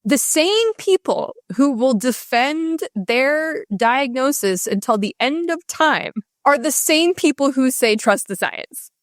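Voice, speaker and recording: A woman guest in a candid interview, talking with passion and emphasis, in rushes with many restarts. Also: high voice, lively intonation, no echo, studio quality. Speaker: guest author.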